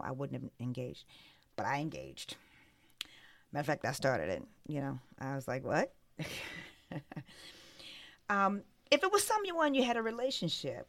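A woman hosting a podcast, telling a personal story in an animated way and chuckling now and then. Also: sits low, vocal fry, no echo. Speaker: podcast host. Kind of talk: conversational podcast monologue.

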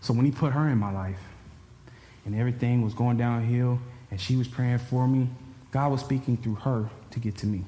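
Before a church congregation, a man gives an emotional testimony about his own life at a moderate pace. His voice is medium-pitched and dark-toned, and the echoey hall adds faint background ambience.

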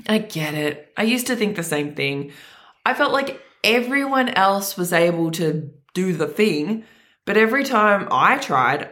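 A young Australian woman hosting a wellness podcast, talking in an energetic, chatty way with a slightly deeper morning voice. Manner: energetic, chatty, hype-girl enthusiasm. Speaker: podcast host and wellness coach. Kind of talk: upbeat podcast monologue.

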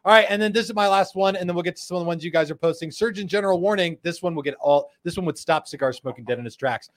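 A man's voice: on the high side, racing. A man hosting a live cigar show, joking and bantering playfully with his co-hosts and viewers. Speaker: podcast host.

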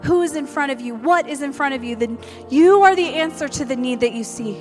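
A woman's voice: sits high, animated, brisk, soft background music. A woman preaching a sermon, telling a personal story in an earnest, emphatic way and repeating her key phrases. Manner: acts out quoted voices in storytelling. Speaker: preacher and realtor.

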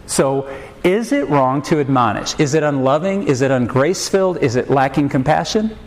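A man's voice: on the high side, expressive, normal speed, poor audio. A man in his forties preaching a sermon as a pastor, telling humorous family stories and acting out the voices in them, with emphatic rhetorical questions. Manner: storytelling with humor, acts out quoted voices.

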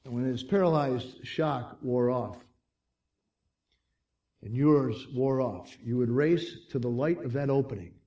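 Dramatic slow-speaking male preacher. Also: medium pitch, recorded from a distance, dull audio. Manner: dramatic storytelling, swinging from hushed to shouted. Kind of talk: sermon.

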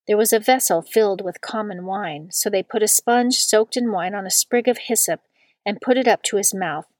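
A woman giving a steady, measured scripture reading. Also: medium pitch, no room sound.

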